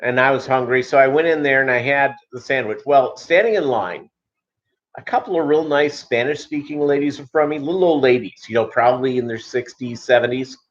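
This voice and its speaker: A man hosting his channel in casual live-stream chat, rambling and halting, with many fillers and restarts. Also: medium pitch. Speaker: channel host. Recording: dull lo-fi audio.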